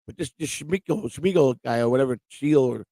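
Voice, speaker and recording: A man's voice: medium pitch, a little fast, mellow, no echo. A man hosting a morning livestream, ranting casually with lots of swearing and mocking quotes of other people. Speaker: livestream show host. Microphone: livestream microphone.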